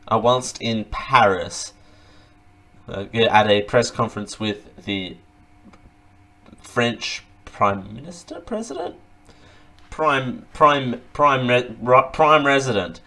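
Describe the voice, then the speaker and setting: Male host, mid-pitched, reads news with fumbles and wisecracks. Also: sharp tone. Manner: stumbling, joking asides, frequent uh fillers. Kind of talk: casual news commentary read aloud.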